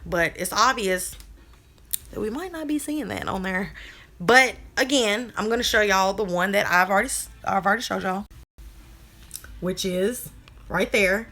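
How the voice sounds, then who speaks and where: A woman's voice: medium pitch, moderate pace, pushed and bright, faint music behind. Blunt, irritated woman vlogging. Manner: irritated and blunt, swears freely; talks straight to viewers as y'all. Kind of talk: casual commentary to camera.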